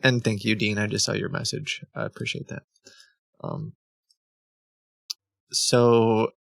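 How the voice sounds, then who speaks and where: A man's voice: mid-range voice, vocal fry, no echo. A man hosting a live stream, chatting casually with viewers, with frequent restarts and fillers. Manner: hesitant, many restarts, laughs along with chat. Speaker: streamer host.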